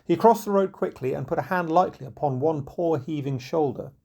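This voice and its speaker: A man narrating an old folk tale in a measured, unhurried storybook reading. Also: fairly high pitch, vocal fry, a little mellow.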